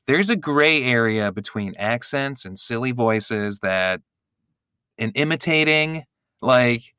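A man's voice: medium pitch, animated, takes it slowly, bright, forceful tone, clear, resonant tone, no room sound, clean studio sound. A man co-hosting a podcast, chatting casually and playfully about a movie, joking and dropping into silly voices. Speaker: podcast co-host. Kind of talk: casual movie-recap chat.

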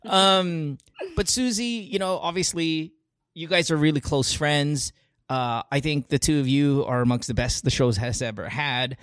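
A man's voice: a little high, normal speed, fairly bright tone, smooth, no echo, clean studio sound. A young man hosting a podcast in casual chat, joking and laughing often. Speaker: podcast host.

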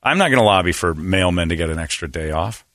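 A man's voice: low voice, expressive, quick pace, no echo. A man hosting a radio morning show, telling darkly funny stories in sardonic, casual studio banter. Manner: sardonic storyteller with dark humor.

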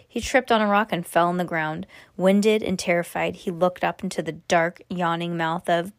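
A woman reading a bedtime chapter aloud to her children, unhurried and expressive, with small slips. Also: lowish voice, no room sound, studio quality. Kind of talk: bedtime story read aloud. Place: home at bedtime.

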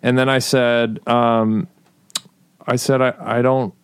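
Thirties man, guest, smooth voice, relaxed and rambling, dry sound. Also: medium pitch, dry recording. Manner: halting, full of "like" and restarts, easygoing. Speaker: guest, writer. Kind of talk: casual chat.

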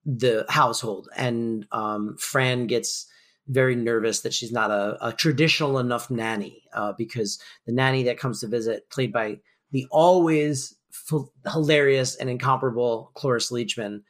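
A man co-hosting a podcast and talking through a sitcom episode. He rambles loosely and fills his speech with "like" and "um". His voice sits at a middling pitch. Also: moderate pace, a bit bright. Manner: loose and rambling, lots of fillers like "like" and "um". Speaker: podcast co-host. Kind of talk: casual chat recapping a sitcom episode.

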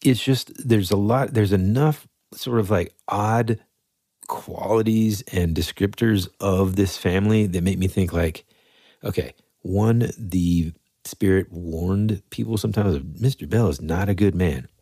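A man's voice: low-pitched, a little slow, mellow, no echo, studio quality. A man co-hosting a podcast in casual chat, musing hesitantly with lots of fillers. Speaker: podcast co-host.

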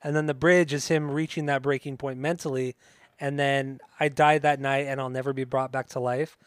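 A man's voice: mid-range voice, level tone, moderate pace, clean tone, no echo, clean studio sound. A man co-hosting a casual music podcast, swearing freely and sometimes singing along. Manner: profane, bursts into singing along. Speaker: podcast co-host.

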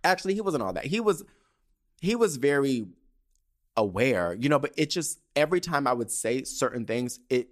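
A man's voice: medium pitch, very animated, moderate pace. Male podcast host from San Diego; brash, campy storyteller who swears constantly. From San Diego, California. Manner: brash, profane and campy, with frequent laughs and restarts. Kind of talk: casual storytelling monologue.

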